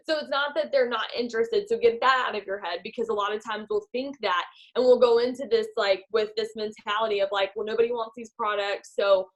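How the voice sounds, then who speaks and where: A woman's voice: a little high, brisk, hardly any pauses, muffled recording. A woman coaching her sales team over a video call in a chatty way, full of "like" and "um". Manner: chatty, filler-heavy, acts out quoted voices. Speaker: team leader. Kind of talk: motivational team talk.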